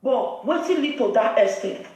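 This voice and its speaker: A woman's voice: fairly high pitch, expressive, moderate pace, darkish tone. A woman with a Nigerian accent, hosting a live video and scolding in a preachy, emphatic way. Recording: very echoey room, voice far from mic.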